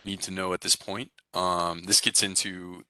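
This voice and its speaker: A man's voice: low voice, level tone, a little slow, bright, forceful tone, clear, resonant tone, dry recording, clean studio sound. A man teaching a language class, explaining pronunciation rules in a casual, rambling way with many fillers and restarts. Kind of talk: recorded class lecture.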